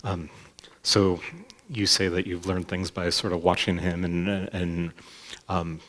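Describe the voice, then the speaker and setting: Deep-voiced man asking hesitant questions. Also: flat delivery, a little slow, a bit bright. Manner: hesitant questions with many ums. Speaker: interviewer. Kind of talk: onstage author interview.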